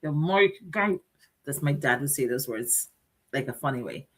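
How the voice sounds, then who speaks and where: A woman's voice: very deep voice, expressive, normal speed, a bit bright. A middle-aged woman hosting a motivational talk show, speaking earnestly and directly to her listeners and repeating phrases for emphasis. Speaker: host.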